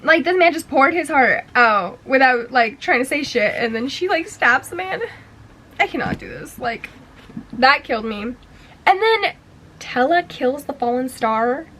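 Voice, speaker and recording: A woman's voice: sits high, animated, moderate pace, a bit bright, slight background noise, poor audio. A young woman giving a casual book review in a gushing, slangy, profane way. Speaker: book vlogger.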